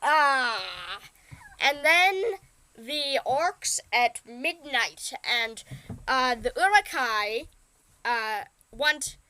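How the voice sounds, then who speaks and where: Bright high-voiced young woman, slow rambling chat. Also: animated, clear, resonant tone. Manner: rambling, laughs often, fantasy game jargon. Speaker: podcast co-host. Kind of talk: casual movie recap chat.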